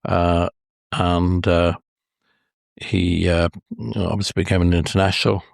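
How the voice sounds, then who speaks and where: Older Irish guest, deep-voiced, spins long hesitant anecdotes. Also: male voice, level tone, measured pace, vocal fry, dry recording, studio quality. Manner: rambling, many hesitations, chuckles at his own stories. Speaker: golf historian guest. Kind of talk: anecdotal storytelling interview.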